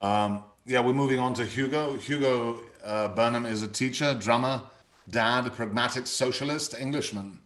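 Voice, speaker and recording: A man's voice: medium pitch, moderate pace, fairly bright tone. A man hosting a livestream reading, introducing the next guest with a few ums and uhs. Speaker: host. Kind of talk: introducing a reader.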